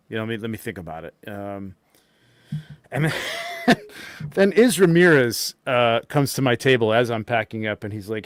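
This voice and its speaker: A man's voice: on the low side, fairly quick, no echo. A man co-hosting a podcast, telling a convention story in casual chat, rambling and laughing as he acts out quotes. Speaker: podcast co-host.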